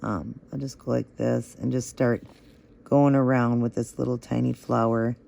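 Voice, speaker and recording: A man's voice: medium pitch, little pitch movement, moderate pace, vocal fry, dark tone. A man hosting a nail art tutorial, talking through each step in a chatty, encouraging way and gushing over how the results look.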